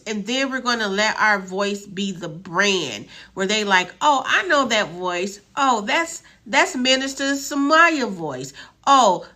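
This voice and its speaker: A woman's voice: mid-range voice, sharp tone. A woman who runs a publishing company, hosting a live stream and urging viewers on in an emphatic, repetitive, preacher-like way, often checking in with "right?". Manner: directly addresses viewers with frequent "right?". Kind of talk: motivational live-stream talk.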